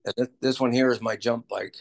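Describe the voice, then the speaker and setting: A man's voice: medium pitch, fairly even intonation, brisk, gravelly. A man in his sixties, a retired motorcycle stunt rider, casually reminiscing in a folksy storytelling way. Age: 60s. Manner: folksy storyteller, laughs at his own tales.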